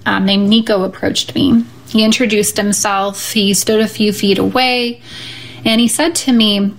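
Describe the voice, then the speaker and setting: A woman recounting a personal memory in a soft, reflective, halting way for a radio segment. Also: mid-range voice. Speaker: guest telling a personal story.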